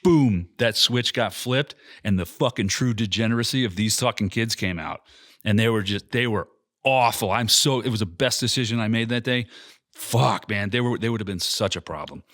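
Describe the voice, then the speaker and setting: A man's voice: fairly low pitch, normal speed, dry recording, studio quality. A man who owns an airsoft park, hosting a casual podcast and telling stories with lots of swearing. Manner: animated storyteller, heavy swearing, acts out quotes.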